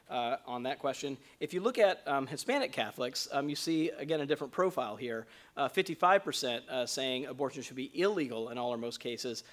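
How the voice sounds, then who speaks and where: A man walks an audience through survey findings at a conference, speaking at an ordinary mid pitch. He leans on frequent fillers and restarts as he explains each chart. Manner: many fillers, explaining survey figures slide by slide. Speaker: survey researcher presenting findings. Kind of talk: conference presentation. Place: conference room.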